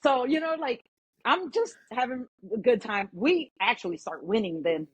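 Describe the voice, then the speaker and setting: A woman guest telling a story in casual chat, animated and full of "like", acting out what others said. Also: fairly high pitch, moderate pace, breathy edge, no room sound, lo-fi sound. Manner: animated, acts out quoted voices, lots of "like". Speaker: podcast guest.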